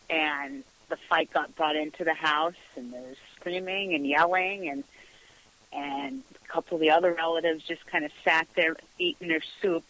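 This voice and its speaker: Bright-voiced woman hosting talk radio. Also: fairly low pitch, low-quality recording. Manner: chatty, laughs easily. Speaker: radio talk show host. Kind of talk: casual radio chat.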